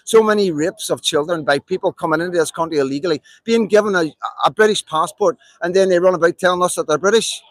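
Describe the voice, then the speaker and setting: A man's voice: fairly high pitch, a bit bright, no room sound, low-quality recording. A man with a Belfast accent, delivering an impassioned, repetitive live-stream monologue in an emphatic, rallying way. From Northern Ireland.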